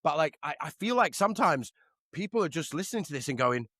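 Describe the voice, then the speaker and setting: A man co-hosting a podcast, trading animated, sweary banter in casual chat. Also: on the high side, fast talker, no echo, clean studio sound. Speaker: podcast co-host.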